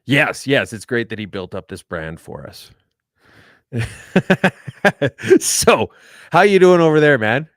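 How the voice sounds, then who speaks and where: A man co-hosting a podcast, telling a long rambling story in a casual, deadpan joking way. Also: mid-range voice, slow pace, pauses often, no room sound, studio quality. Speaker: podcast co-host.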